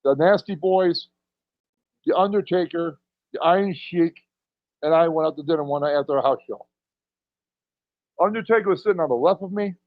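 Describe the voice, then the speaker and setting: A man's voice: on the high side, moderate pace, long pauses, no room sound. A middle-aged man, a pro wrestler as podcast guest, telling rambling anecdotes and chuckling between lines. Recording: dull, dry lo-fi audio.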